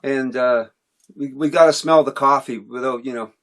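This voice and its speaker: A man's voice: medium pitch, fairly even intonation, moderate pace, a bit bright. A middle-aged man from Cape Breton, Canada, a musician guest telling stories in a rambling, self-interrupting way in a casual interview.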